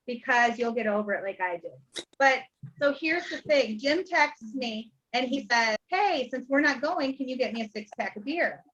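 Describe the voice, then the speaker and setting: Laughing and playful, an Ohio woman tells her testimony while co-hosting a relaxed storytelling conversation on a video call. She has a high, fairly bright voice, and the recording loses its high frequencies.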